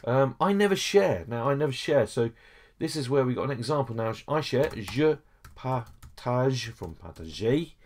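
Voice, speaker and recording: A man's voice: medium pitch, animated, moderate pace, slight background noise. A man teaching a French lesson over a screen recording, explaining each step patiently with frequent okays and small hesitations.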